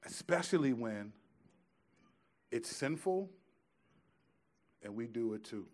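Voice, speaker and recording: A man preaching a sermon as pastor, emphatic, shifting from hushed lines to loud ones, with casual conversational asides. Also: mid-range voice, lively intonation, slow. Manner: emphatic, swings between quiet and loud.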